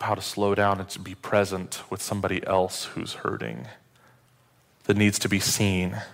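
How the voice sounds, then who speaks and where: A male pastor preaching a sermon in a conversational, self-deprecating way, dropping to hushed tones at the emotional moments of a story. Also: lowish voice, in a large hall.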